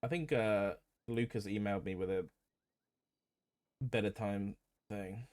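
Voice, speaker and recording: A man's voice: fairly low pitch, measured pace, a little mellow, dry recording. A young man streaming a roleplay game, chatting casually, thinking aloud, swearing now and then and laughing. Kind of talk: casual gameplay chat.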